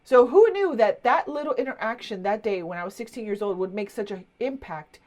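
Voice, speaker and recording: A woman in her fifties, a marketing coach, telling a personal story in a chatty, animated way with many asides. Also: medium pitch, fairly quick. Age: 50s.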